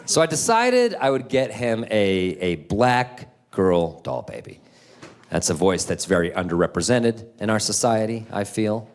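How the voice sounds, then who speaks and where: A man in his thirties performing stand-up comedy on a club stage, animated and jumping into shouted high voices for the people in his stories. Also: slight background noise.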